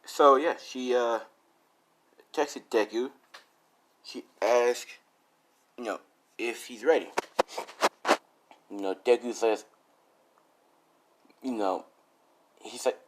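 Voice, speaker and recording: A young man rambles through an improvised fan story in a slow, loose way. He keeps cracking himself up and trailing off into asides. His voice sits at a middling pitch.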